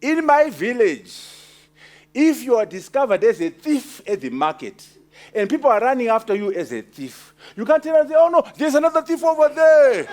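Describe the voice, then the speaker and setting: A man putting on the voice of an older male statesman who calms a furious peer with a folksy village proverb. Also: very high-pitched, moderate pace, voice pushed up. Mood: soothing, amused. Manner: soothing, folksy proverb-telling.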